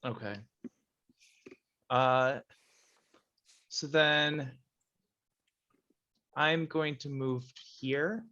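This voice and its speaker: A man's voice: mid-range voice, steady tone, very slow, long pauses, pushed and bright, dull audio. A man playing a tabletop game, thinking aloud and planning his moves step by step. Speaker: player.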